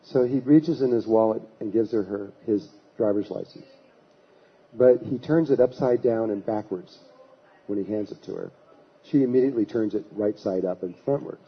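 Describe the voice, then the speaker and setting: A man's voice: lowish voice, normal speed, slightly rough. A man giving a talk, telling a long anecdote in a rambling way and acting out the voices of the people in it. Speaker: lecturer. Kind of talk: storytelling talk. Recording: dull lo-fi recording.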